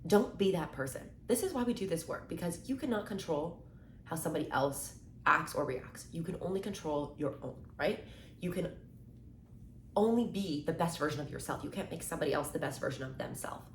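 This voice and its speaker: A young woman in her twenties talks motivation straight to camera in a chatty, upbeat way, her voice sitting a little low. She often acts out short back-and-forth exchanges and leans on "like" and "right?" as she goes. The room echoes around her, and a faint hum of ambience sits behind her voice. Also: animated, brisk. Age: 20s. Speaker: mindset content creator. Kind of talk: casual motivational talk to camera.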